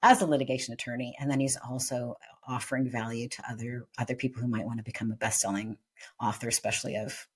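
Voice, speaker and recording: A woman's voice: extremely low pitch, steady tone, quick pace, slightly rough. A woman author and publisher, a guest on a podcast interview, giving upbeat, plain-spoken advice.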